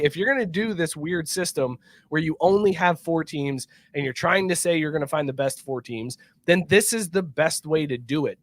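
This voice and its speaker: A man co-hosting a casual podcast, talking in a profane, animated way and explaining with quick asides. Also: a little high, dry recording. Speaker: podcast co-host.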